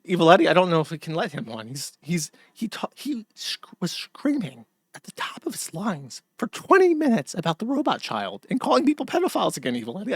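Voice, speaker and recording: A man's voice: high voice, vocal fry, husky, no echo, pitched above the performer's own voice, full character voice. A man voicing a panicky male staff reviewer who frets in frantic, whispered asides.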